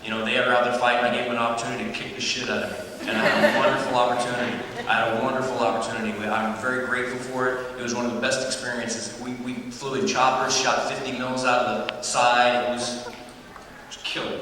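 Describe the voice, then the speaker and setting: A man from Texas tells loose, profane stories on a convention panel stage, laughing as he goes. His voice reaches the mic from a distance and rings through a big, echoing hall. Steady crowd noise sits underneath. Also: mid-range voice, fast. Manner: profane, laid-back storytelling with laughs. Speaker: panel guest. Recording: echoey hall recorded from far off.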